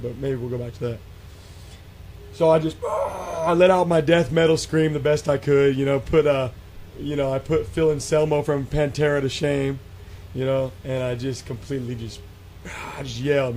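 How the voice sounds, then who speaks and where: A man telling a spooky encounter story in a casual, animated way, acting out quotes with many fillers and restarts. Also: mid-range voice, a little hiss or hum. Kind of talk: casual storytelling on a radio show.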